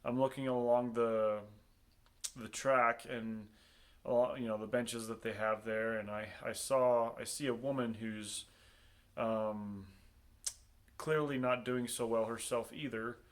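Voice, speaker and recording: A man telling a personal story in a casual, halting way, with many pauses, ums and restarts. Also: medium pitch, steady tone.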